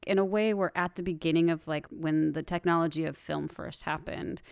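A woman interview guest talks in a jokey, animated way. Her voice is smooth and a little low. The sound is dry and close, with no room around it. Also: no room sound. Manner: jokey, animated, quick to laugh. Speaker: podcast co-host, guest. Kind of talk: casual interview chat.

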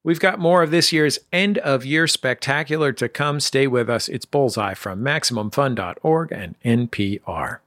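A man hosting a radio show, presenting in a relaxed, friendly way. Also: medium pitch, moderate pace, few pauses, soft background music. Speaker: radio host.

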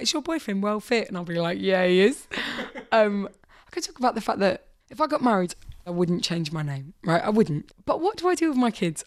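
A British woman comedian, a guest in a casual interview, who talks in a lively way and acts out the people she quotes. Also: medium pitch. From Britain. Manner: animated, acts out quoted voices.

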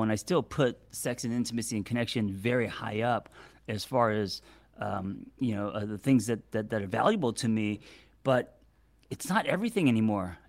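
A man in his forties giving relationship advice in a casual monologue to camera, halting and tripping over his words with many fillers. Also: mid-range voice. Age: 40s.

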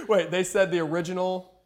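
A man co-hosting a comedy podcast, wry and quick to laugh. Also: high-pitched, noisy background. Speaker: podcast co-host. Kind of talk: casual comedic chat.

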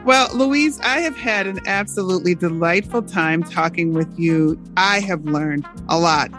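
A woman radio host with a fairly low voice asks her guest questions and thanks her in a friendly, appreciative tone. Faint music plays behind her. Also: normal speed, a bit bright. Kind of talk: interview and show outro.

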